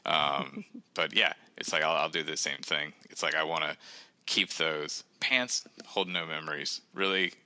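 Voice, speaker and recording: A man's voice: extremely low pitch, a little slow, sharp tone, no echo. A man in his thirties, a guest author in a casual podcast chat, rambling with self-deprecating humor.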